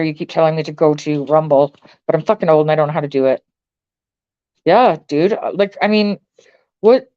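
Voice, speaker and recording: A woman's voice: low-pitched, dark tone, lo-fi sound. Blunt, swearing woman ranting. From Canada. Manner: blunt and profane, frequent swearing and filler words. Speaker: vlogger. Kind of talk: angry political rant to camera.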